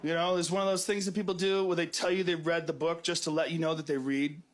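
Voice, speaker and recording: A man performing stand-up comedy, animated and profane, acting out voices in his bits. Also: fairly high pitch, fast.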